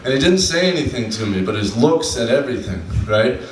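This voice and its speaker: Man, stand-up comedian, deadpan, slow punchlines, club stage, echoey distant recording. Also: mid-range voice, a little hiss or hum. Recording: echoey room from a distant mic, faint ambience.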